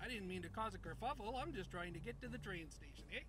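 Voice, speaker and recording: A chirpy tourist with a put-on Canadian accent. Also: male voice, high voice, animated, fast, a crowd in the background. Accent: exaggerated fake Canadian. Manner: polite, chirpy, says "eh" constantly. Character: cheerful male tourist with fake Canadian accent.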